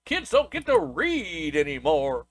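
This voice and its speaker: A man's voice: on the high side, wildly swooping pitch, a little hiss or hum, pitched above the performer's own voice. A man voicing a grumbling old man who looks back on the old days in a crotchety way. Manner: crotchety, slow.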